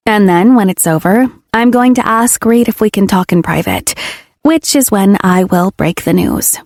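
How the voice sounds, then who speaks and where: A woman reading a first-person audiobook in a soft, intimate storytelling voice. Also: medium pitch, animated, normal speed, no echo, clean studio sound. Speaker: audiobook narrator.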